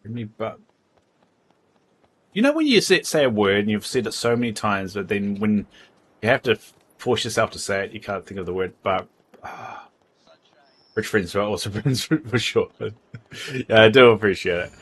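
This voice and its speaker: A man's voice: fairly low pitch, expressive, moderate pace, long pauses, fairly bright tone, slight background noise. A man chatting casually on a livestream from home, rambling and tripping over his words as he reads out donations. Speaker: streamer. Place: home, indoors.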